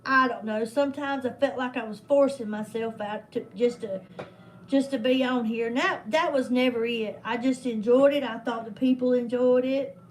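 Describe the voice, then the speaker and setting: High-voiced older woman chatting. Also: steady tone, moderate pace, a little hiss or hum, low-quality recording. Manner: rambling, heartfelt, with folksy religious phrasing. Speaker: livestream host. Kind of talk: casual livestream chat.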